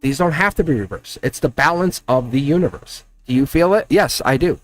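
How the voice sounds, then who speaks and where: Animated man giving a live tarot reading. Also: fairly high pitch, a little fast. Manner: animated, emphatic, laughs often, scolding teacher tone. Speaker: tarot reader.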